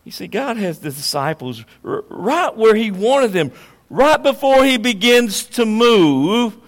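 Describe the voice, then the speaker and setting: Male preacher, high voice, slow emphatic delivery, long church reverb. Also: sing-song. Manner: dramatic swings from hushed to loud and high. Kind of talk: sermon.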